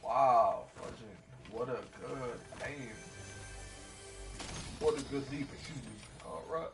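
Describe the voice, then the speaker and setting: Excitable slangy man streaming a game. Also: mid-range voice, takes it slowly, soft background music. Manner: slangy, excitable, yells trash talk at the game. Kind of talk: casual gameplay commentary. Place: home room at night. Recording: distant mic with steady background noise.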